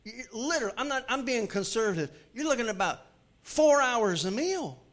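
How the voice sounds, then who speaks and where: A man preaching a sermon to his congregation in a church, joking with the crowd and swinging from loud calls to hushed pleading. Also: very high-pitched, animated, brisk. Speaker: pastor. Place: church sanctuary.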